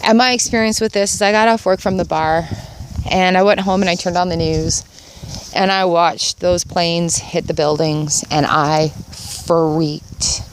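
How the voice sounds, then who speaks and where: A woman's voice: lowish voice, steady tone, unhurried, a little hiss or hum. A middle-aged woman talking earnestly and upbeat in a casual gratitude vlog, recorded outdoors in her yard. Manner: earnest, upbeat, repeats phrases for emphasis. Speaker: vlogger.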